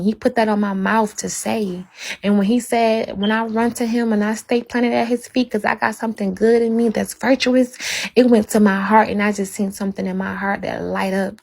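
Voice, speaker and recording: A woman's voice: medium pitch, vocal fry, darkish tone. A woman fervently sharing a religious testimony, preaching and repeating phrases for emphasis. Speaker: guest.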